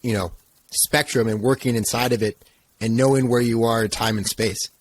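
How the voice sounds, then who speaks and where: A male podcast host with a mid-range voice, asking questions in a relaxed, halting way. He leans on fillers and keeps the tone conversational. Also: medium pitch. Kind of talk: casual interview questions.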